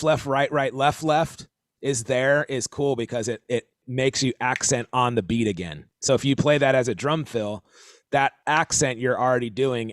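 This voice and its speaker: A man's voice: medium pitch, no echo. Man explaining drum beats in a dry room. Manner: rambling, counts beats aloud, self-correcting. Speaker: drum teacher and stream host. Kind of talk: casual explanation of drum rudiments.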